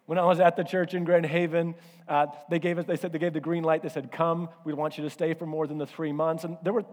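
Animated man preaching in reverberant hall. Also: on the high side. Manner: animated storyteller, acts out voices and asides. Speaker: pastor. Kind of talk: sermon storytelling.

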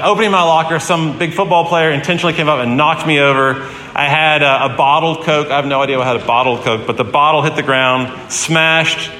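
Pastor guy in his 50s preaching, slightly high voice, earnest and emphatic, faint room hum behind. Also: sharp tone. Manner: earnest, storytelling, emphatic with repeated phrases. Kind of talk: sermon. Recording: roomy hall with long reverb, faint ambience.

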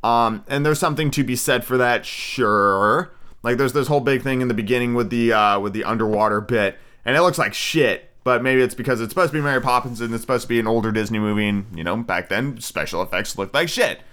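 A man's voice: mid-range voice, fast, hardly any pauses, a bit bright. A young man hosting a podcast, rambling through a casual movie review, swearing and cutting himself off mid-sentence. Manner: rambling, profane, self-interrupting. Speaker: podcast host.

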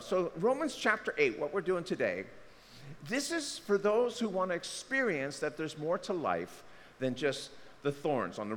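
A man preaching a conversational sermon as pastor, acting out the people he quotes. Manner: conversational, acts out quotes with lively pitch swings. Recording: reverberant hall, faint background noise.

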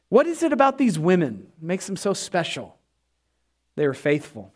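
A man's voice: high voice, expressive, moderate pace. A man preaching a sermon as pastor, passionate and emphatic, his voice swelling and dropping.

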